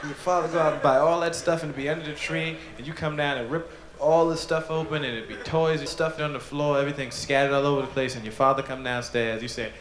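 A man's voice: on the high side, fairly even intonation, fast talker, hardly any pauses. A male stand-up comedian telling profane stories and acting out the people in them. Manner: profane storytelling, acts out quotes. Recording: echoey room, loud noise.

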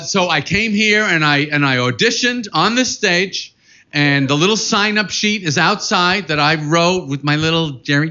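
A man from New York doing a stand-up comedy set on a club stage, animated and mock-exasperated. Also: a little high. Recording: muffled live club recording, noisy.

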